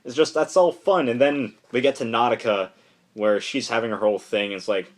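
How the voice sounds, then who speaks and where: A man excitedly recapping a comic book issue in a casual, rambling way, full of "like" and restarts. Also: medium pitch, brisk. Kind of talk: casual enthusiastic plot recap.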